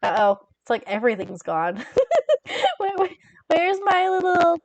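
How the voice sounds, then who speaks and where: Giggly high-voiced young woman streamer. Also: wildly swooping pitch, unhurried, no room sound. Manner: giggly, laughs constantly. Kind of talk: casual chat with viewers.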